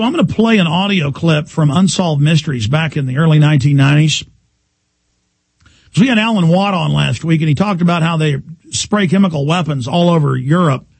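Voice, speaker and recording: A man hosting a talk radio show, ranting loudly and combatively with sarcasm. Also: fairly high pitch, gravelly, breathy edge, dry recording.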